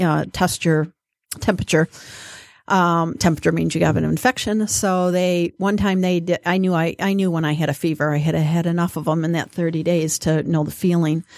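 A woman guest telling a personal story in casual conversation, animated, with many fillers and restarts. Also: on the low side, creaky, no room sound, clean studio sound.

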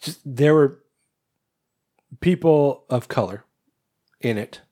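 A man's voice: medium pitch, slow pace, mellow. Guy on a movie podcast, blunt, swears a lot, keeps restarting his sentences. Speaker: podcast co-host. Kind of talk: casual movie review chat.

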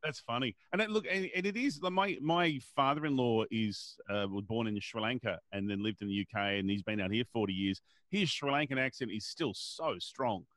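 A man's voice: medium pitch, fairly quick, hardly any pauses, a bit bright, no room sound. A man hosting an interview, asking questions in a friendly, slightly hesitant way. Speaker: interview host. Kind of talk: casual interview.

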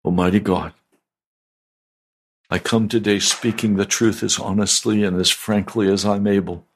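A man's voice: lowish voice, fairly even intonation, moderate pace, slightly rough. A man hosting a radio broadcast, praying and preaching fervently and pleadingly. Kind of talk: radio sermon and prayer.

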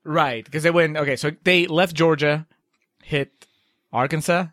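Giggly man with a higher voice. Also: fairly even intonation, unhurried, fairly bright tone, no echo, clean studio sound. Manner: giggly, enthusiastic. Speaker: podcast co-host. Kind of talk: casual movie recap chat.

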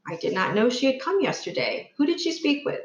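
A woman reading the part of a solemn, gentle father who runs a newspaper, in a quiet, measured, reassuring way. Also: high voice, very animated, vocal fry, roomy sound, pitched above the performer's own voice, full character voice, low-quality recording.

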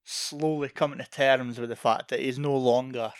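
A man's voice: medium pitch, fairly even intonation, normal speed, dry recording, studio quality. Hesitant man, casual chat. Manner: hesitant, many fillers and restarts, sweary. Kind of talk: casual film discussion.

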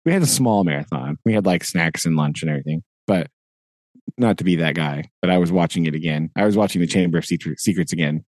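A man in a casual podcast chat, animated and quick to laugh. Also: sits low, no echo.

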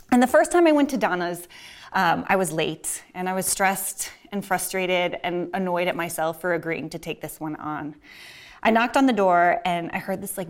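A woman physician telling a personal story on stage, casual and chatty, with many fillers and frequent laughs. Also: lowish voice.

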